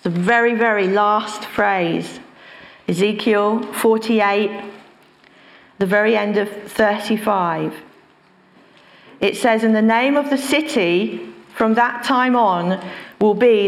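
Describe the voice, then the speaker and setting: A woman's voice: medium pitch, reverberant. A woman pastor preaching a sermon, speaking emphatically and repeating phrases for stress.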